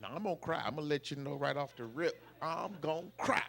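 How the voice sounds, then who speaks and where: Gravelly, bright-voiced middle-aged man. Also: fairly high pitch, animated, fast talker. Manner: emotional storytelling with folksy loud bursts. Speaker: eldest son giving a birthday tribute. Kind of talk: heartfelt family speech. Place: live family celebration event.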